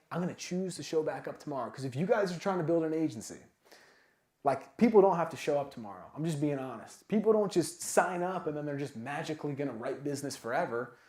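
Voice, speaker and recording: A man giving a casual, energetic motivational talk at a sales summit, full of filler words like "like" and "man". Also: a little high, brisk. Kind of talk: motivational talk to a live audience. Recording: echoey event room.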